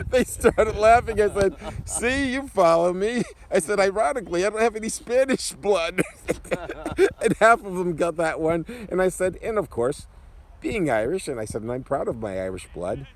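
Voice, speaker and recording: A guest storyteller with a high-sitting voice spins a long, funny anecdote about a past gig at a moderate pace. He's animated and casual, laughing often as he cracks jokes.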